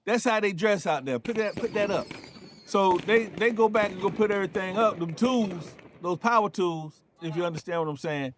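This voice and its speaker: A man's voice: high-pitched, moderate pace, a little hiss or hum. A man in his fifties from North Carolina, telling a personal story in a loose, casual way with frequent asides. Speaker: show host and storyteller.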